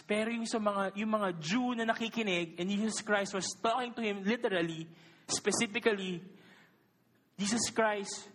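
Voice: medium pitch, fairly bright tone. A preacher with a Filipino accent delivering a sermon, speaking emphatically, asking the congregation questions and mixing Tagalog into English. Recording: long reverb of a large hall.

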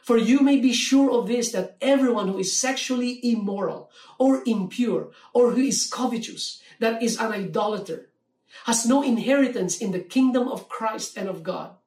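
A preacher giving a measured sermon, slowing down to read scripture verses aloud. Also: medium pitch, darkish tone. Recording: roomy echo, mic at a distance.

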